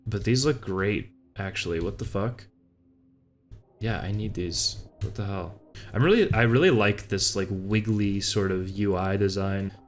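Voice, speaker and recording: Brief: young male game dev, lowish voice, loose and self-mocking, frequent cursing. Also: unhurried. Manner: laid-back, rambling, swears and laughs at own old work. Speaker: indie game developer. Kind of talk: casual commentary over gameplay.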